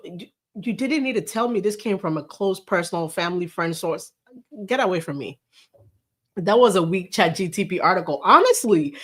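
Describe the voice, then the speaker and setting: A woman's voice: lowish voice, fairly bright tone. A woman hosting a casual livestream, reading a news article aloud and mocking it with sarcastic, incredulous remarks and frequent laughter. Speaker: livestream host. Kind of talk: casual commentary on celebrity news. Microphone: live stream camera setup.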